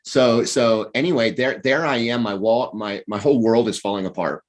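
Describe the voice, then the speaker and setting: A middle-aged American man, a coach and author, telling his life story as a guest in a casual interview, with animated pacing and frequent restarts. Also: medium pitch, moderate pace. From United States.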